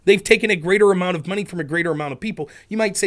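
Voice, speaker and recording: A man's voice: sits high, racing. A man hosting a political livestream, talking in an argumentative monologue and acting out quoted back-and-forth exchanges. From Pennsylvania. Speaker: political talk show host.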